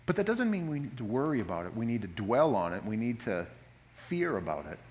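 A man preaching a sermon in an animated, folksy way, reading scripture slowly and solemnly between joking asides. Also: medium pitch. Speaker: pastor.

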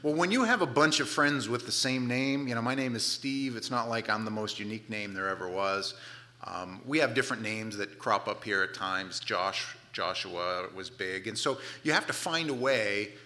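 A middle-aged man preaching a sermon, telling the story with playful asides and dropping to soft, hushed tones for tender moments. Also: on the low side, animated, normal speed. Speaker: pastor.

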